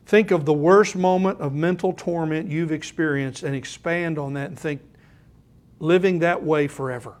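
A man's voice: a little high, moderate pace. An older man preaching a sermon, shifting from conversational asides to emphatic scripture reading. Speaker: pastor.

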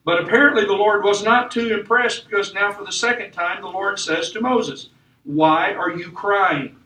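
A man with a high, bright voice preaches a sermon, driving his points home with emphatic rises and falls. He sounds like he's standing a way back from the mic, and the church room around him echoes. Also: fairly even intonation, a little fast, distant mic. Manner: emphatic preaching with rising and falling delivery. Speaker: pastor.

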